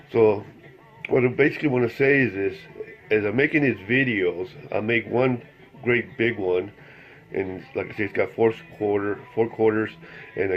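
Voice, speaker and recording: A man's voice: on the low side, lo-fi sound. Folksy older man rambling. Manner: folksy, meandering, tells jokes with quoted voices. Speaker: grandfather recording videos for family. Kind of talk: rambling storytelling to camera.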